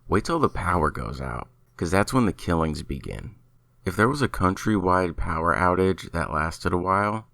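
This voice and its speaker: A man's voice: sits low, a bit bright, dry recording. A man hosting a solo podcast, talking through news and opinions in a casual, rambling way. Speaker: podcast host.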